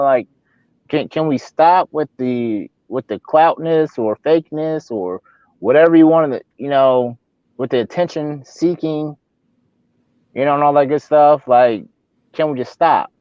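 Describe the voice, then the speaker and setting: A man's voice: medium pitch, dry recording. A man rants through casual commentary on a live talk show, circling back and restarting his points. His voice sits in a middle range. It is recorded close and dry, with a slightly muffled, dull tone. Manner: rambling, repeats and restarts, animated ranting.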